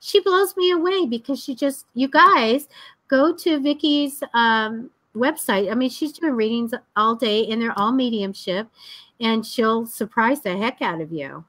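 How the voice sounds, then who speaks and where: A woman's voice: a little high, a little slow, fairly bright tone, no room sound. Lady psychic co-host chatting on a live stream, laughs a lot, blunt, dry close sound. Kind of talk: casual live-stream chat.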